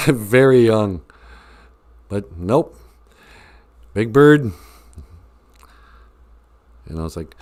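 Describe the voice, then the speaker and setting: This streamer keeps things jokey, drifting between thoughts while his pitch bounces up and down with energy. He talks easily with his audience and reads out what they post.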